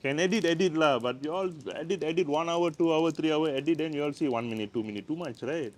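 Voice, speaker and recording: A man's voice: on the high side, quick pace. Man, Malaysian English accent, playful casual teacher; spontaneous handheld-camera feel by a house door. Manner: chatty, playful, repeats words. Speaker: language teacher. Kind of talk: casual outdoor language lesson. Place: by the door of a house, outside in the rain.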